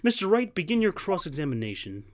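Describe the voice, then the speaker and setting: A man voicing a stern, imperious older male prosecutor in a deep, haughty tone while playing a game. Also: big pitch swings, quick pace, a little hiss or hum. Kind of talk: gameplay voice acting.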